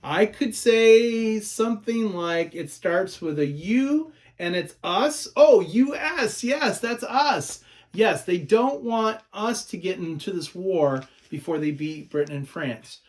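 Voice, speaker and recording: Slow, repetitive male history teacher. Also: high-pitched. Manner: repeats key notes slowly for students; asks the class questions and answers them himself. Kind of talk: recorded classroom lecture.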